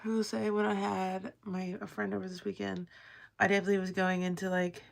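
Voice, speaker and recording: Gravelly-voiced woman chatting on a livestream. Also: medium pitch, level tone, a little fast. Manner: rambling and profane, chatting to her viewers. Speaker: live streamer. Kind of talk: casual livestream chat to viewers. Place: at home, crafting.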